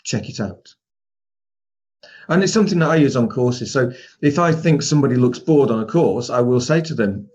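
Husky man teaching a class. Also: medium pitch, lively intonation, normal speed, darkish tone. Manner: conversational, addresses the group directly. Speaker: course trainer. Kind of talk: spoken training lesson. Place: training room with whiteboard. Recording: dull lo-fi recording.

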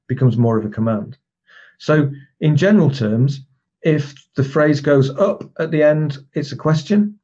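Husky-voiced male trainer explaining techniques. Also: medium pitch, normal speed, dark tone, dull audio. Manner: explanatory, with frequent restarts and demonstration phrasing. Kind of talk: recorded teaching lesson.

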